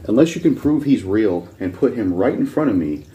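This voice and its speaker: A reaction channel host with a lowish, dark voice and lively intonation rants at a moderate pace. His manner is blunt, combative, and heavily profane, and he drives his points home through insistent repetition.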